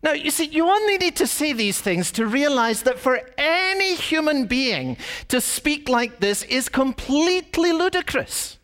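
A man preaching a sermon as pastor, telling a story and asking rhetorical questions, slowing down on emphatic phrases. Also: very high voice, fairly bright tone, in a large hall. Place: church.

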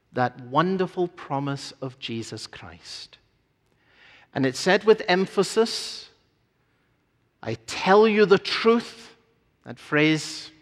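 A man preaching a sermon in an earnest, emphatic way, slowing down to stress key phrases. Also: on the high side. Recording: long hall reverb.

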